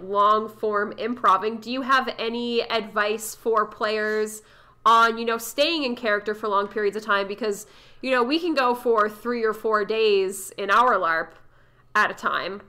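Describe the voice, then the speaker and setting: Bright-voiced woman hosting a podcast. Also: fairly high pitch, normal speed. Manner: curious, asks questions and recaps. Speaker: podcast host. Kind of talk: casual podcast interview.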